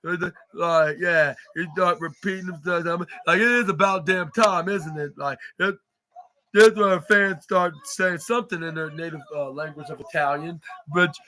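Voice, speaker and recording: A man's voice: fairly high pitch, steady tone, normal speed, bright, forceful tone. A man hosting a podcast, recapping a wrestling show in a loose, rambling way with many fillers and restarts. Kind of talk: casual recap.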